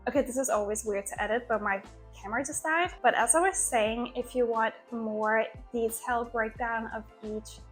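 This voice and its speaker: A woman's voice: fairly high pitch, moderate pace, few pauses, soft background music. A young woman explaining workout moves step by step in a chatty vlog, recorded on a small mic. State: out of breath at the end. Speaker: fitness creator. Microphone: small new mic.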